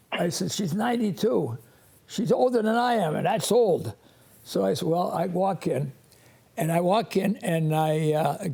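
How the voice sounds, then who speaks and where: A high-pitched, gravelly voice with a dark tone and slight roughness belongs to an eighty-something priest hosting a call-in show. His storytelling rambles and halts, with many restarts and chuckles.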